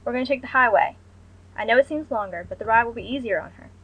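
Lady reading as a soft-spoken ambulance driver guy, careful and low-key, audiobook style. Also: quick pace, highs cut off. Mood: gentle.

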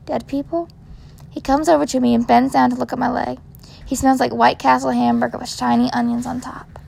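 High, gravelly woman narrating a story. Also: flat delivery, a little fast, darkish tone. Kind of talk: first-person storybook narration.

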